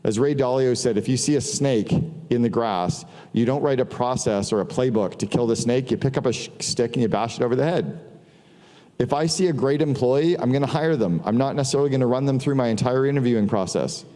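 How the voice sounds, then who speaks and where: A middle-aged man talks to a live audience in a large hall. His voice is mellow and relaxed, and the long reverb of the room trails after each phrase. He speaks casually, swears now and then, and acts out the people in his stories. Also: mid-range voice, a little fast. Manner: casual, profane, storytelling with quoted dialogue. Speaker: speaker giving a business talk. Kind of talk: casual conference talk.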